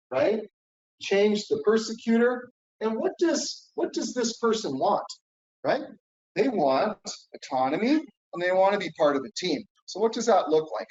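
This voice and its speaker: A man's voice: high voice, a little mellow, a little hiss or hum. A middle-aged man giving a conference keynote in a coaching tone, often checking in with "right?" and "okay?". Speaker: keynote speaker. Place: conference hall. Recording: echoey hall, dull lo-fi sound.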